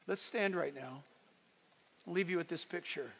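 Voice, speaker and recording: A male pastor preaching a sermon with emphatic storytelling, shifting between loud declarations and hushed asides. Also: fairly high pitch, normal speed, gravelly, breathy edge. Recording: long reverb in a large hall.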